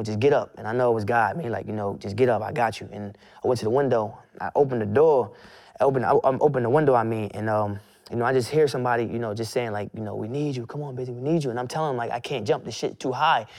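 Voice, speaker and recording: Young man, twenties, rapid speech, conversational storytelling, filler-heavy. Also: medium pitch. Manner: fast, loose storytelling full of "you know" and repeats. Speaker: guest. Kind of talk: emotional storytelling in casual conversation.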